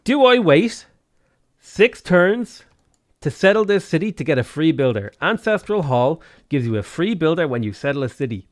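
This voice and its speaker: Dublin Irish male streamer, casual live commentary, quick to swear at the game. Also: a little high, lively intonation. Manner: chatty, swears freely, bursts of exasperation.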